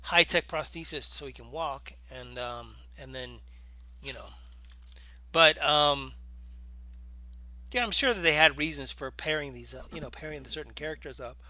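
A man's voice: medium pitch, moderate pace, long pauses, pushed and bright, dry recording. A middle-aged man co-hosting a podcast, tired and yawning, rambling and trailing off in self-deprecating chat. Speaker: podcast co-host. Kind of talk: casual chat.

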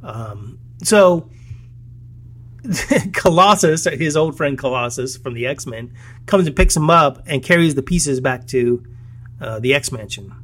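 A man's voice: mid-range voice, animated, slow pace, pauses often, a bit bright. Rambling, chuckly man recapping a movie. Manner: rambling, many fillers and restarts, chuckling. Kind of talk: casual movie recap chat.

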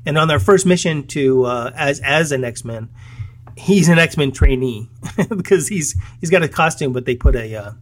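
A man chats through a movie's story in an easy, everyday voice. He wanders, stumbles over his words and fills gaps with ums. Little laughs slip in as he talks. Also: mid-range voice. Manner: rambling, many fillers and restarts, chuckling. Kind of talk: casual movie recap chat.

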